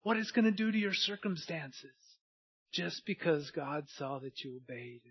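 A male pastor delivering a sermon in a high voice. He swings between loud, urgent appeals and quiet, drawn-out phrases. The recording sounds dull and lo-fi. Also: lively intonation, husky.

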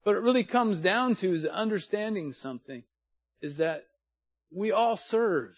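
A man's voice: sits high, expressive, normal speed, breathy edge, lo-fi sound. A man in his sixties, a pastor, preaching a sermon in earnest, plain, folksy words. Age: 60s.

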